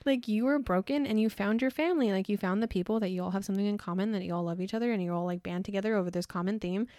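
A woman's voice: mid-range voice, rapid-fire, mellow, no room sound. A young adult woman co-hosting a casual podcast chat, animatedly retelling scenes, acting out characters' lines, swearing and laughing often. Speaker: podcast co-host.

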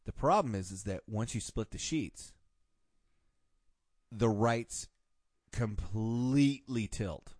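A man's voice: on the low side, animated, slow pace, pauses often, a little mellow, dry recording, clean studio sound. A man hosting a podcast in casual chat, blunt and profane with strong opinions. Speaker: podcast host.

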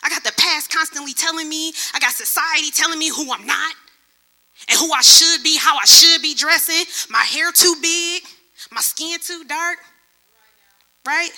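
Young woman preaching a testimony sermon, high and very bright, animated storyteller. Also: moderate pace. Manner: lively storytelling, acts out other people's voices. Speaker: church speaker.

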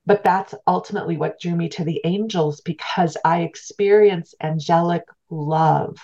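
With a lowish, dark voice, fairly even intonation, and normal speed, a middle-aged woman recounts a personal story earnestly as an interview guest. She's a spiritual teacher who reflects as she speaks, often restarting and repeating words, captured on dull lo-fi audio.

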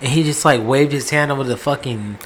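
A man's voice: medium pitch, a little fast. Male co-host, chatty and rambling, acts out the people in his stories, faint background hiss. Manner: rambling storyteller, acts out quotes, swears. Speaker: podcast co-host. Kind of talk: casual chat.

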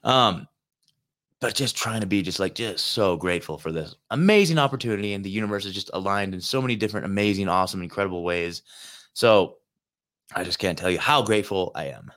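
A man's voice: deep voice, brisk, fairly bright tone. A man hosting his own show, telling a road-trip story in a loose, rambling monologue full of filler words and swearing, recorded in a hotel room. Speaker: host.

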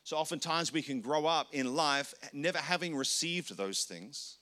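A man's voice: a little high, normal speed, sharp tone. A man teaching in an earnest, conversational sermon, with frequent restarts. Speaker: pastor.

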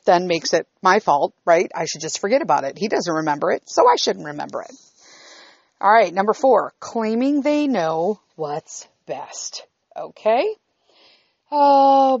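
A middle-aged woman vlogger with a fairly low voice recounts a personal story in a candid, blunt, profane way, regularly checking in with her listeners. There's no echo, and the recording sounds dull and slightly lo-fi.

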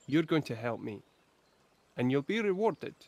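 A man's voice: medium pitch, sing-song, measured pace, a little mellow. A man voicing a stern, tightly controlled woman who runs a mine, speaking in a clipped, commanding way. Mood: cold, calculating.

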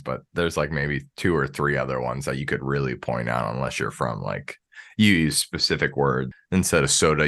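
A low-pitched American man hosts a podcast, his tone bright and forceful. He talks in a loose, rambling way, full of filler words. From United States. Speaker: podcast host. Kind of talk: casual interview chat.

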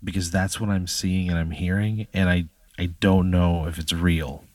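Low-voiced man, exasperated, cursing, playing along, dry close sound. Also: steady tone, normal speed, darkish tone, no room sound. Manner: exasperated, profane reactions. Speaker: podcast co-host playing along. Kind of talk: improvised comedic role-play.

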